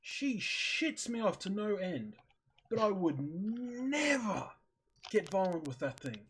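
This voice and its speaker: Husky, higher-voiced man retelling a story. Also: takes it slowly. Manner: animated storyteller acting out his own reactions. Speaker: streamer in voice chat. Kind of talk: casual chat, retelling a video. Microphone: headset or desk mic on voice chat.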